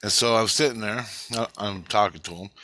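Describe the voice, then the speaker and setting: Male, low bright voice, dry recording; rambling, profane, animated dream storyteller. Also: a little fast, dry recording. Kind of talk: casual dream retelling.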